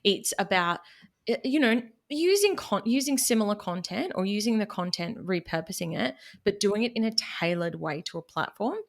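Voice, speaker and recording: A woman's voice: medium pitch, animated, moderate pace. A woman with a Queensland Australian accent, a guest chatting candidly and animatedly about her business, laughing at herself. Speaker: guest, marketing business owner. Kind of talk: casual interview chat.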